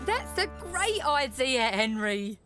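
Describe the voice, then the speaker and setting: A woman's voice: high-pitched, slow pace, soft background music, heavily acted. A woman voicing a friendly, eager young fire engine in a children's cartoon. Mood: eager, kind. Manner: lively, encouraging. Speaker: talking vehicle in a cartoon.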